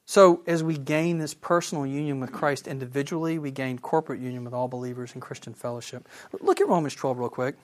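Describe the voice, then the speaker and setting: A man teaching a Bible lesson, enthusiastic and animated, asking his listeners questions. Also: medium pitch, fast, hardly any pauses. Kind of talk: sermon.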